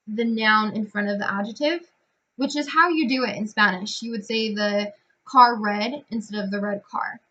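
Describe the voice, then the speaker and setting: A young woman speaks with a bright, somewhat high voice, talking through classroom pronunciation examples in a relaxed way. She fills pauses with ums and restarts her sentences often. The recording is dull and lo-fi. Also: slight background noise. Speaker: student teacher giving a field report.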